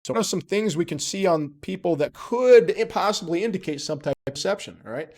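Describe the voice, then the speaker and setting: Fairly quick and expressive, a man with a high, somewhat mellow voice teaches a casual lesson. He keeps asking "okay?", stresses his points with emphasis, and tosses in humorous asides.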